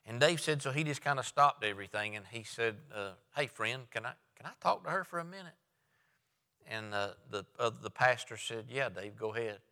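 A man's voice: medium pitch, expressive, moderate pace, pushed and bright, in a large hall. A man preaching a sermon, telling a story with quoted dialogue and then driving home his point.

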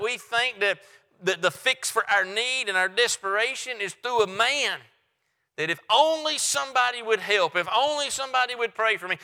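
Bright-toned preacher in an echoing hall. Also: male voice, sits high. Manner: storytelling, building to emphatic preaching. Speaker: pastor. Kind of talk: sermon.

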